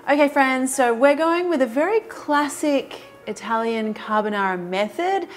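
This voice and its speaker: A woman's voice: high voice, animated, normal speed, soft background music. A woman hosting a cooking show, chatty and enthusiastic, talking straight to her viewers as she cooks in a kitchen, laughing easily. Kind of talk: cooking demonstration.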